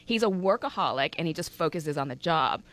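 A woman's voice: low voice, a little fast. A woman from Alabama with a Southern accent, a news anchor chatting as a podcast guest, telling stories with frequent giggles. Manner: giggly, animated storyteller. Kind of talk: casual podcast chat.

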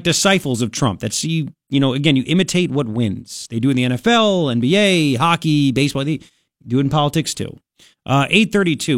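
A man's voice: on the high side, no room sound, clean studio sound. Sarcastic combative talk radio host, man. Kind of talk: political talk radio commentary.

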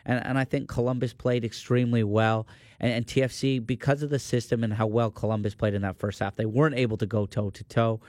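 A man's voice: medium pitch, steady tone, brisk, a little mellow, dry recording. A man giving studio sports analysis, offering firm opinions and often restarting his sentences.

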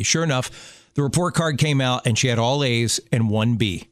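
A man's voice: mid-range voice, moderate pace, dry recording, studio quality. A middle-aged man co-hosting a show, telling family stories in a chatty way and often restarting his sentences. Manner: chatty storyteller, self-correcting with restarts. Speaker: radio show co-host. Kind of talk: casual chat.

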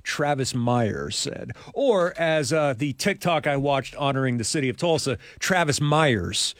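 A male radio host chatting casually in a studio, rambling along and chuckling often. His voice sits at a middle pitch. The sound is close and dry. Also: animated, unhurried, no room sound. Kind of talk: casual morning show chat.

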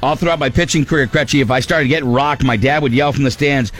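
A man hosting a call-in radio show, talking in an animated way with frequent laughs and stammered restarts. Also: mid-range voice, fast, soft background music. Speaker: radio host.

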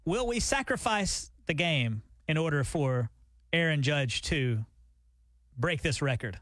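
Male talk host, chatty storyteller, higher pitch, dry booth sound. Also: expressive, measured pace, a bit bright, no echo. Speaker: radio show host. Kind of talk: casual radio chat.

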